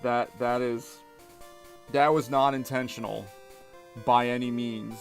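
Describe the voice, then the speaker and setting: A man's voice: medium pitch, flat delivery, a little slow, faint music behind. A man giving casual commentary over a video game, hesitant and stammering, often repeating words. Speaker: gaming video host.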